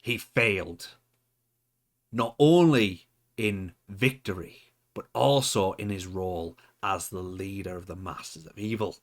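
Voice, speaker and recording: A man putting on a slow, ominous woman manager with an accent. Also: sits low. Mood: ominous, commanding. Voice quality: put-on accent. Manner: slow, solemn, commanding promo. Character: cryptic woman manager of a villain stable.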